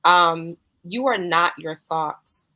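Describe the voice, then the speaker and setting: A woman's voice: lowish voice, slow pace, bright, forceful tone. A woman co-host in a casual chat over a video call, earnest and giving advice.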